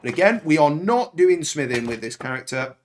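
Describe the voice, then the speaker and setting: Very animated and brisk, this man's voice sits on the high side as he hosts let's play commentary of his own game. He banters and chats, hurling curses at the soldiers on screen.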